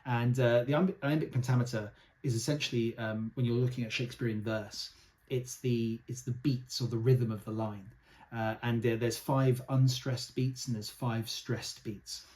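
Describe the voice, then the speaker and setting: A young man talks through a book he loved in a relaxed, reflective way. His voice sits at an ordinary middle pitch, and he often pauses with ums and uhs as he gathers his thoughts. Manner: thoughtful, soft-spoken, many fillers. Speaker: book reviewer; actor. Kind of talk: casual book review.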